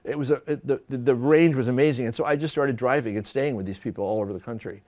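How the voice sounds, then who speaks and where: A man in a mid-range voice tells stories from his working life to a lecture audience. He is lively and self-mocking, with frequent false starts and rephrasings. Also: mid-range voice, quick pace. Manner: animated, self-deprecating storytelling with many restarts. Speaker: photographer giving a talk. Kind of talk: storytelling lecture. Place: lecture hall at an art school.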